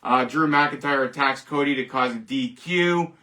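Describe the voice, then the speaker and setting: A man's voice: medium pitch, normal speed, bright, forceful tone, distant mic. A man hosting a casual solo show, rambling, joking and laughing at his own jokes. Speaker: host. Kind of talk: casual solo wrestling commentary.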